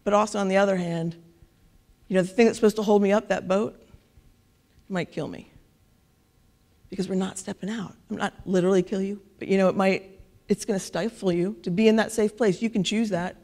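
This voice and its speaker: A woman gives a relaxed, conversational sermon and keeps checking in with her listeners. Her mid-range voice carries a gravelly, creaky texture. She sounds like she is talking to a church congregation. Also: medium pitch, a little fast, pauses often. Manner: conversational, keeps asking "right?". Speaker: preacher. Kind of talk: casual sermon.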